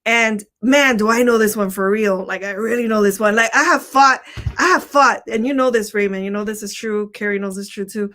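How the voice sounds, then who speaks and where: A woman's voice: mid-range voice, brisk, sharp tone. A woman hosting a motivational live stream, talking casually and repeating her key phrases for emphasis.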